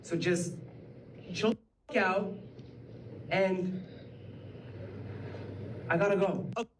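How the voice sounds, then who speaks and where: A flat, irritated pop star. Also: male voice, high-pitched, very slow, slight background noise. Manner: flat, unenthusiastic, profane. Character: irritated male pop star brushing off a lover. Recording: echoey film clip heard from far off.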